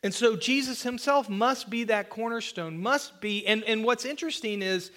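A man preaching a sermon as pastor, earnest, with slowed emphatic phrases and a touch of self-deprecating humor. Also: sits high, a bit bright. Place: church sanctuary.

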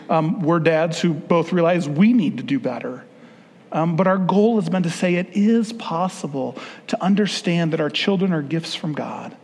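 A man's voice: on the high side, darkish tone. A man giving an earnest, conversational talk to fathers, sermon style, with frequent restarts. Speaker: speaker addressing fathers. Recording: long hall reverb.

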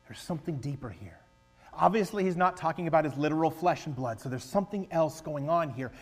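A man preaching a sermon as a pastor, animated, swinging between loud emphasis and hushed asides. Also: on the high side, fairly quick, breathy edge, soft background music. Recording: long echo of a large hall, faint mains hum.

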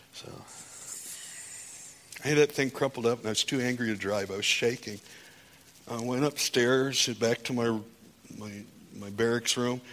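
Male preacher, bright forceful voice, long hall reverb, testimony sermon that rises in fervor. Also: mid-range voice. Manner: testimony building to impassioned, rising preaching.

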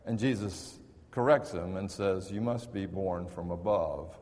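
A man's voice: low voice, a little slow, a little mellow. A man who is a pastor, preaching a sermon in a conversational storytelling manner and often restarting his sentences. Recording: reverberant hall.

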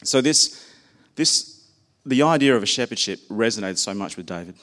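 A low-pitched male preacher gives a sermon in a chatty, personal way, drawing on anecdotes from his family. He sounds animated and a little bright, keeping a moderate pace.

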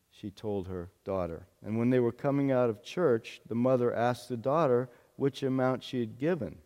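A man's voice: mid-range voice, moderate pace, hardly any pauses, warm tone. A male pastor giving an earnest sermon, often repeating phrases for emphasis. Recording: long hall reverb.

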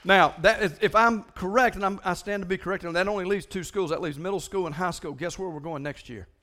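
Male pastor, high voice, animated and stumbling sermon delivery. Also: a little fast. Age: older than most listeners. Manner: animated, repeating words in bursts.

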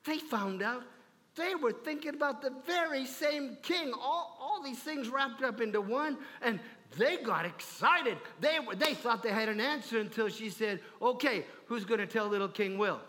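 Animated high-voiced preacher telling a story. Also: male voice, unhurried, in a large hall. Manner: animated, acts out characters. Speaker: pastor. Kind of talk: storytelling sermon. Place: church sanctuary.

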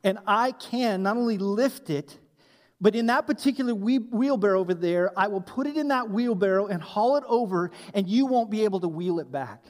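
A man voicing a calm, sly old laborer in a story told during a sermon, speaking low, quiet and drawn out. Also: normal speed. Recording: long hall reverb.

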